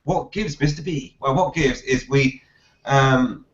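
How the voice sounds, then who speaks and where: A man hosting a casual live chat, reading viewer comments aloud haltingly and laughing often. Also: medium pitch, fairly bright tone. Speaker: host reading viewer questions. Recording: roomy, dull lo-fi live stream audio.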